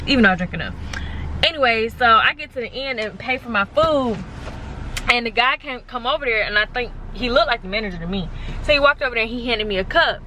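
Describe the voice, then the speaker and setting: A woman's voice: mid-range voice, a little hiss or hum. A young woman vlogger telling a story in a chatty, casual way, with plenty of fillers along the way. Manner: chatty, animated retelling with lots of fillers.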